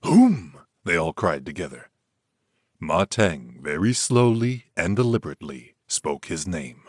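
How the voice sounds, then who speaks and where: A man with a low voice narrates a historical epic as an audiobook. His delivery is very animated, with pitch swinging widely and rising sharply for quoted speech. The recording is dry and close, with no room sound. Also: a little slow, no room sound. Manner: lifts pitch and volume for quoted characters. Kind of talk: scripted dramatic narration.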